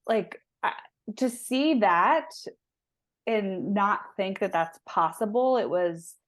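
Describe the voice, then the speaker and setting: A woman's voice: medium pitch, expressive, takes it slowly. A woman in her thirties, a guest on an interview show, telling a personal story in a chatty, emotional way with many restarts. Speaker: guest, holistic health practitioner.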